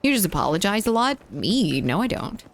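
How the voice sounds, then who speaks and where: A woman's voice: mid-range voice, very animated, normal speed, a little hiss or hum. A woman streaming a game, chatting casually, giggling often as she reads chat messages aloud and answers them. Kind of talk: casual live-stream chat while gaming.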